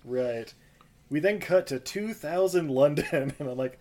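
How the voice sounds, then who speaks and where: A man's voice: on the high side, lively intonation, a little slow, a little mellow. A man co-hosting a podcast, recapping a movie in a casual, rambling way with frequent laughter. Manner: chatty, laughs often, rambling asides. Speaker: podcast co-host.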